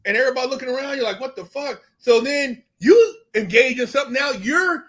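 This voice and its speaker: A man talking as a podcast guest, telling animated, profane stories and acting out what others said. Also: very high-pitched, fast. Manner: animated storytelling, profane, acts out quoted dialogue. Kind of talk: casual podcast conversation.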